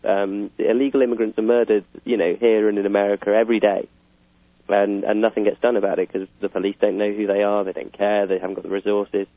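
Low british guy rambling about politics, lots of ums, dry tinny phone sound. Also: flat delivery, fast, dry recording. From Britain. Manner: rambling, chuckling, many fillers. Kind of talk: casual political chat.

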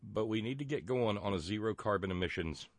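A man's voice: lowish voice, animated, a little fast, no room sound. A man with a Southern US accent from West Virginia, hosting a radio talk show in a folksy, rambling way with many fillers and restarts.

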